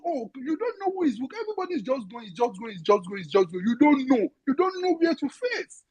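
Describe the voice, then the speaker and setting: A woman's voice: high-pitched, very animated, quick pace, darkish tone, slightly rough, low-quality recording. A Nigerian woman with a Yoruba-inflected accent, giving a passionate, pleading political speech on a live audio space, swearing and close to tears. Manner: pleading, swearing, voice breaking with emotion.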